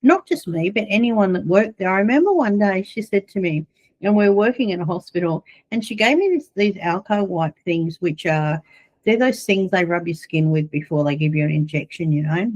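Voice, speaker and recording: A woman's voice: on the low side, expressive, moderate pace, a little mellow, poor audio. A woman giving an informal video sermon to her church, telling personal stories in a chatty way. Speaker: church minister.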